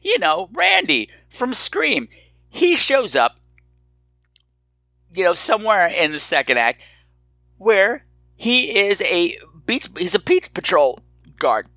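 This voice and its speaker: Lively, bright-voiced male podcast host. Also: high voice, slow, long pauses, no room sound. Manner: animated, playfully exaggerated. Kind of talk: casual movie review chat.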